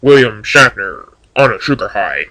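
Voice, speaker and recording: A man's voice: fairly low pitch, very animated, normal speed, bright, forceful tone, slight background noise, low-quality recording. A man giving casual commentary on a video, answering its claims in a dry, sarcastic way. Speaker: YouTube commentator.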